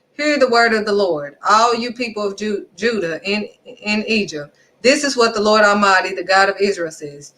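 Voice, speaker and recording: A woman teaching from the Bible in a casual preaching style. She reads verses slowly, then restates them emphatically in everyday talk, driving points home with repetition. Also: fairly high pitch, bright, forceful tone. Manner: repeats "period" for emphasis.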